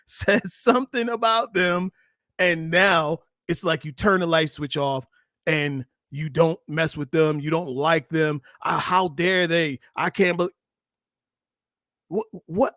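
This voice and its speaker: A middle-aged man speaks to his viewers as a relationship coach, his voice sitting a little high. He talks in an emphatic, preaching way and often stops to restart his sentences. The room around him is dry and close. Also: fairly bright tone, no room sound. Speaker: dating and relationship coach reacting to a clip. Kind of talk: casual commentary to viewers.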